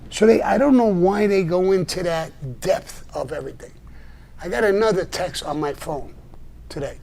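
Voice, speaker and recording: An older man holds forth on a live stream, cursing freely and pushing back hard at a critic. His voice sits somewhat high for a man, and his delivery is blunt and combative, broken by short gruff laughs. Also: lively intonation, normal speed, dark tone. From New York. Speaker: live show host answering viewer messages. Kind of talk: blunt livestream monologue.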